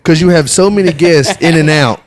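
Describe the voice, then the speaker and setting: A man's voice: on the high side, brisk, dry recording. A man, a podcast guest, teasing and swearing in casual banter. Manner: loud teasing, swears freely.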